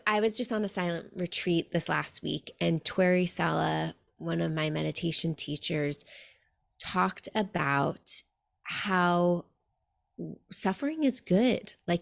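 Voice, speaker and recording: Gravelly-voiced woman hosting a podcast. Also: fairly low pitch, measured pace. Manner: reflective, gentle, many "like" fillers. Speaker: podcast host. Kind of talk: conversational interview.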